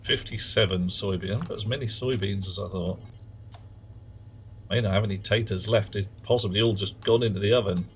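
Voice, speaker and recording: Low-voiced man streaming a game. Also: a little fast, slight background noise. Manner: mutters at game objects and chats to viewers. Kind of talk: casual live-stream gameplay chat.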